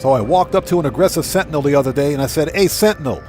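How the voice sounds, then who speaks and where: Giggly male streamer with lively pitch. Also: racing, hardly any pauses, faint music behind. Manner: giggly, telling dad jokes and laughing at them; reads chat messages aloud. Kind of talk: live gameplay stream chat.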